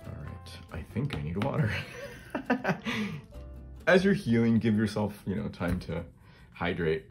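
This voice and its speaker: A man's voice: lowish voice, big pitch swings, moderate pace, gravelly, darkish tone, soft background music. A middle-aged man hosting a casual craft demonstration, thinking aloud as he works and often tagging his remarks with a questioning "right?". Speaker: collage artist and channel host.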